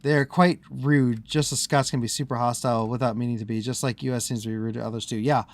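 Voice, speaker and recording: Streaming a game, a Midwestern American man chats loosely while he plays, rambling, cutting off mid-thought and laughing often. He talks fast in a mid-range voice with fairly even intonation.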